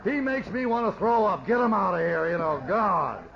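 An older man tells his recovery story in a rough, gravelly voice, swinging from lively highs to hushed, low passages. He speaks in plain, streetwise terms with open emotion. The recording sounds dull and lo-fi. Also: normal speed. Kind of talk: personal recovery testimony.

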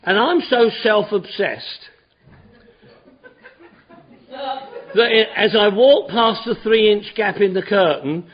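A man's voice: high voice, takes it slowly, husky. A man giving a personal recovery testimony at a meeting, rambling and repetitive with stammering restarts. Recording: dull lo-fi recording.

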